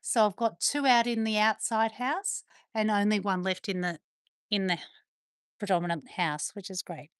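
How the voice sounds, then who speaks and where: A woman's voice: medium pitch, steady tone, moderate pace, smooth, dry recording. A middle-aged woman with an Australian accent, chatting casually with viewers and cooing affectionately at her dogs. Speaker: livestream host. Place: home with dogs, indoors.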